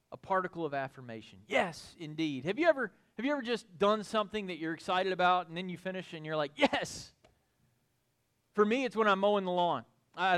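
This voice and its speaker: Animated pastor preaching, high voice. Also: male voice, smooth. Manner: animated, builds to excited shouts, folksy asides. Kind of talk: expository sermon.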